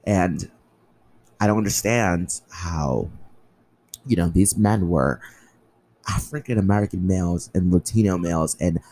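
A man's voice: low-pitched, a little slow, pauses often, a little mellow, slight background noise, rough recording. A young man hosting a solo podcast, ranting in an impassioned, angry way with lots of swearing. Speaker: podcast host.

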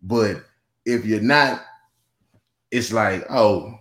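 This man has a mid-range voice and talks slowly as a guest on a casual podcast. He rambles, with many restarts and asides, and repeats "you know what I'm saying." The recording has a roomy echo.

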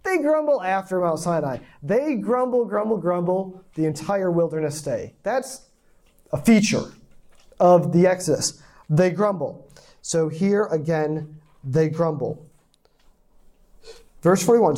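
A man's voice: sits high, expressive, a little slow, pauses often, a little mellow. A man preaching a sermon in a conversational teaching manner, with rhetorical asides and quoted lines done with mock indignation. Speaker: pastor.

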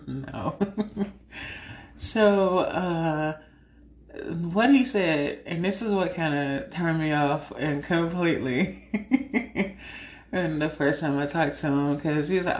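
A woman's voice: sits low, slow pace, pauses often. Frank, laughing woman podcast host. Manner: frank, laughs often while telling stories; animated, acts out her own side of conversations. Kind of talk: casual chat.

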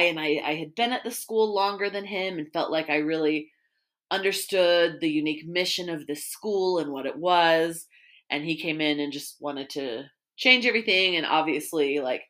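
A woman's voice: sits low, fairly bright tone. A woman hosting a casual podcast chat, reading listener stories aloud and telling her own work stories. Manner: reads listener stories aloud, reacts with laughs. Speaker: podcast host.

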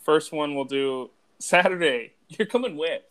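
A man hosting a podcast in casual chat, relaxed, laughing and swearing as he steers the segment. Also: a little high, unhurried. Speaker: podcast host.

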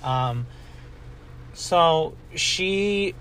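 A man's voice: on the high side, animated, very slow, a bit bright, slight background noise. Young man telling a rambling story. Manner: rambling, heavy use of "like", swears casually. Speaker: co-host. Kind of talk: casual storytelling chat.

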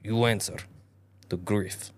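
A man's voice: lowish voice, steady tone, slow. A man doing a cunning tomcat with a mock German accent. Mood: commanding. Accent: put-on German accent. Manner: theatrical, pleading. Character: cunning male tomcat pleading with a king.

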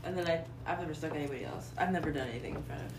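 A woman's voice: sits low, rapid-fire, roomy sound, recorded from a distance, over a noisy crowd. A young woman chatting casually with friends and recounting a story. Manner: laughs often, chimes in. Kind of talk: casual chat.

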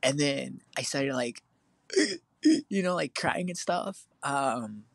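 A man's voice: medium pitch, expressive, slow, vocal fry, dry recording. A teenage boy co-hosting a casual chat, telling a long story with lots of fillers and restarts. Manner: rambling, filler-heavy storytelling.

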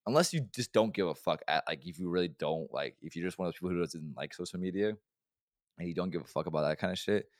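A young man co-hosting a podcast, telling stories fast and swearing a lot in casual chat. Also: sits low, no room sound, studio quality. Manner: fast-talking, swears a lot, animated storytelling. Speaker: podcast co-host.

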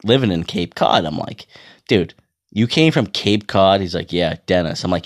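A man's voice: deep voice, lively intonation, moderate pace. A man in his thirties telling a rambling, profane story in casual monologue, often laughing. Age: 30s. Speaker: amateur hockey goalie.

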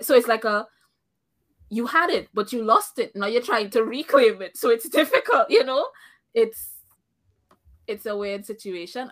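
This is a woman co-hosting a casual recap chat with a pitch sitting in the middle range. She talks through her opinions firmly, circles back on her own points and often breaks into laughter. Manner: opinionated, laughs often, repeats herself as she thinks aloud. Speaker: podcast co-host.

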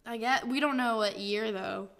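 A woman's voice: a little high, normal speed, vocal fry, fairly bright tone. A woman co-hosting a podcast in casual chat. She is chatty and giggly, uses lots of "like" fillers, and reads a story synopsis in a dramatic voice. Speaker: podcast co-host.

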